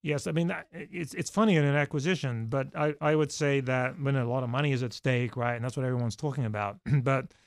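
A man with a gravelly voice talks through his answers in a halting, reflective way. His many fillers and restarts make it sound unscripted. The sound is dry and close. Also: medium pitch, no room sound. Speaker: podcast guest, former studio executive. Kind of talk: conversational interview answers.

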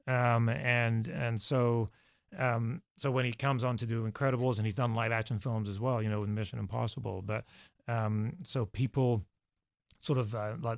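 A man with a gravelly voice talks through his answers in a halting, reflective way. His many fillers and restarts make it sound unscripted. The sound is dry and close. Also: mid-range voice, no echo. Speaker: podcast guest, former studio executive. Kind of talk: conversational interview answers.

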